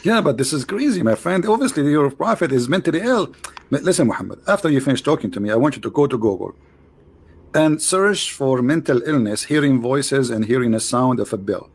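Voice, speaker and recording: A man hosting a debate with a caller, teasing and mocking, repeating himself and swinging between loud jabs and low asides. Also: expressive, a little fast, slightly rough. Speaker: show host debating a caller.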